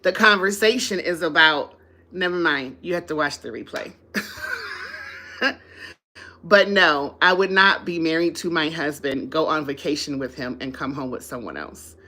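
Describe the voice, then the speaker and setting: Bright-voiced woman chatting on a live stream. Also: sits low, moderate pace. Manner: chatty, laughing often, reads viewer comments aloud; sleepy after eating. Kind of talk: casual live stream chat.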